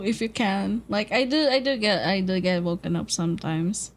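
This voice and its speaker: A woman's voice: mid-range voice, moderate pace, few pauses. A woman streamer chatting casually, laughing often mid-sentence and swearing loosely.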